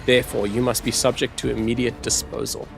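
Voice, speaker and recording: A man voicing a menacing, haughty male renegade tech-priest lord, reading the lines aloud with a gravelly voice. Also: mid-range voice, little pitch movement, brisk, soft background music, voice pushed down, natural voice. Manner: threatening, haughty, read aloud.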